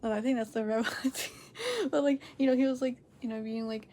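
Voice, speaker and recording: A woman hosting a reaction video, chatting casually at home. She rambles, corrects herself and laughs often, swinging between loud excited bursts and quiet near-whispers. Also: fairly high pitch, normal speed, slight background noise. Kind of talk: casual chat to camera.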